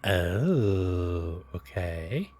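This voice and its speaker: A man's voice: low-pitched, very animated, extremely slow, darkish tone. A man casually commenting as he plays, thinking aloud and poking fun at himself. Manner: thinking aloud, self-deprecating, chuckles. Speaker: gaming channel host. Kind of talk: casual let's-play commentary. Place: home gaming setup.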